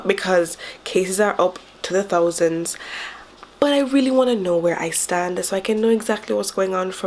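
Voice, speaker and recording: A young woman talks into her own camera at home by a window, keeping a casual sick-day video diary. Her voice sits low and gravelly, stuffy and a little raspy from illness. She vents frankly, with some faint ambient hiss behind her. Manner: frank and exasperated, venting. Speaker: vlogger.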